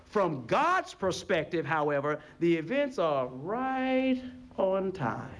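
A man preaching a sermon in an animated, folksy call-and-response style. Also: high-pitched, takes it slowly. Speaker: pastor.

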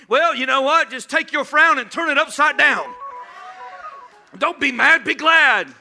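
A male pastor preaching a humorous sermon in church, shouting at times and calling for responses from the congregation. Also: very high-pitched, expressive, measured pace, slight background noise.

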